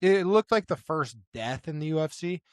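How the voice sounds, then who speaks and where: A man's voice: on the high side, moderate pace, no echo. Casual young male sports podcaster, dry mic. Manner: animated storytelling with swearing and laughter. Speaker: podcast co-host.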